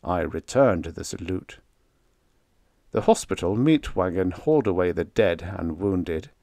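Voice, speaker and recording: A man's voice: sits low, a little slow, mellow, dry recording. A man narrating a vintage science fiction story in the first person, with a dry, wry storytelling manner. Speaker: audiobook narrator.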